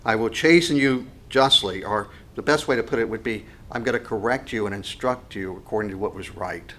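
A man's voice: on the low side, a little fast, fairly bright tone. A middle-aged man preaching a sermon in an earnest, conversational way, with frequent restarts and fillers. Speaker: pastor.

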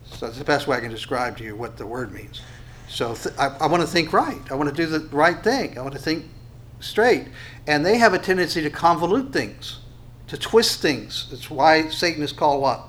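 A man preaching a verse-by-verse sermon in a loose, conversational way, full of fillers, restarts and questions to the room. His voice sits a little high for a man. When he reads scripture aloud he slows down and lifts his voice. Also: animated, fairly bright tone, slight background noise, rough recording. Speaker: pastor. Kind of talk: expository sermon.

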